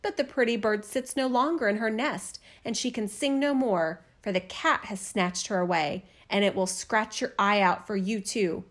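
A woman voicing a wicked old witch who yells and mocks in a storybook reading. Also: mid-range voice, normal speed, hardly any pauses, natural voice. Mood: mocking. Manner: yelling, mocking. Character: wicked old female witch, spiteful and mocking.

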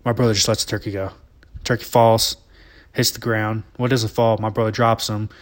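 A man's voice: lowish voice, little pitch movement, a little fast. A young man from Alabama, telling a family story casually in a rambling, profane, often laughing way. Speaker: vlogger.

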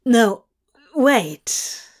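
A woman's voice: fairly high pitch, expressive, slow pace. A woman voicing a brooding male demon with a sardonic, sneering way of talking. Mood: rattled.

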